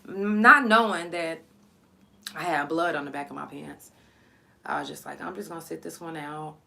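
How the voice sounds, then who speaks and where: Woman hosting a storytime podcast live, kinda low voice, rambling, cussing, lots of ums. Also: gravelly. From Oklahoma, USA. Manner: loose, profane, halting storytelling with many ums; sharp, irritated scolding at callers. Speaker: podcast host.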